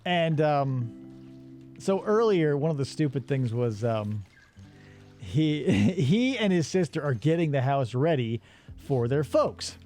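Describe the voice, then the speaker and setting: A man on the high side, speaking slowly, walks through a movie's story as he works, faint music in the background. As a podcast co-host, he's an animated storyteller who acts out each character's lines.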